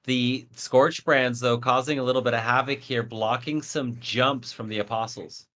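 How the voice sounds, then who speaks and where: A man's voice: medium pitch, steady tone, normal speed, sharp tone. Young male co-caster, worn out late at night, dry teasing analysis, mid-range voice. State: tired. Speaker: esports co-caster. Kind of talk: live esports commentary.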